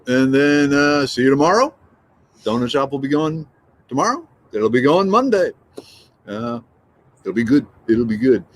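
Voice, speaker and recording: A middle-aged man hosts a casual morning livestream, joking and reading viewer notes aloud. His voice swings widely in pitch as he rambles along. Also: lively intonation, moderate pace, pauses often. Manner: chatty, joking, reads out viewer comments. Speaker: livestream host.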